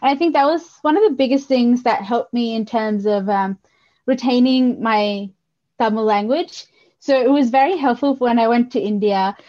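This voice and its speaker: A woman talks as a podcast guest in an animated, giggly way. Her voice is high and she uses "like" constantly. The recording sounds dull and lo-fi. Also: normal speed. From Australia. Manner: animated and giggly, heavy use of "like". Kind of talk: casual podcast chat.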